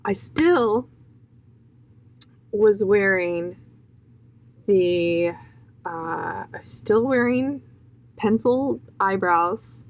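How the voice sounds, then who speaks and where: A woman's voice: medium pitch, very slow, long pauses, low-quality recording. A young woman telling an emotional personal testimony in an earnest, heartfelt way, full of fillers and restarts. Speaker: guest sharing her testimony.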